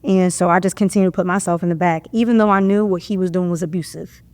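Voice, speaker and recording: A woman's voice: on the low side, fairly even intonation, fast, darkish tone. A woman guest on a podcast telling a personal story, speaking candidly and reflectively.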